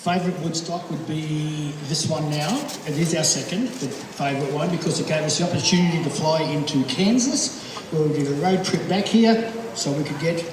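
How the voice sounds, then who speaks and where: A man's voice: on the high side, moderate pace. An Australian man from the audience giving plain, matter-of-fact answers. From Ballarat, Australia. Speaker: audience member. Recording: echoey venue, distant mic, background noise.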